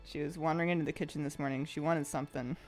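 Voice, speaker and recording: A woman's voice: sits low, steady tone, rapid-fire, faint music behind. A woman streaming from a dim room at home, chatting casually and giggling, sometimes slipping into a baby voice for her pets. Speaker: game streamer. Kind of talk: casual live-stream chat.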